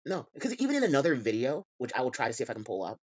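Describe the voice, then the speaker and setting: A man's voice: medium pitch, huge pitch swings, rapid-fire, breathy edge, no room sound, lo-fi sound. A man hosting a reaction commentary, talking in an exasperated way with many restarts and repeats. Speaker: commentary channel host.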